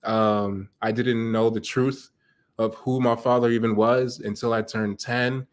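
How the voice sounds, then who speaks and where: A man's voice: mid-range voice, flat delivery, a little slow. A man speaking as a guest on a talk show, earnest and heartfelt about his own life. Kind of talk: personal conversation.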